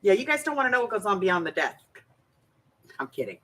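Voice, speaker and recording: A middle-aged woman hosting a craft livestream from her home desk, chatting casually and telling animated stories with frequent laughter. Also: mid-range voice, a little fast, poor audio. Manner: animated storyteller, laughs often. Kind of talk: casual chat while crafting.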